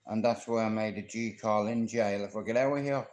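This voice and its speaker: A man's voice: lowish voice, brisk, darkish tone, roomy sound, poor audio. A man from Ireland with a Dublin accent, talking on a livestream in a rambling, profane, confrontational way as he tells stories from his life. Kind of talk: rambling live-stream monologue.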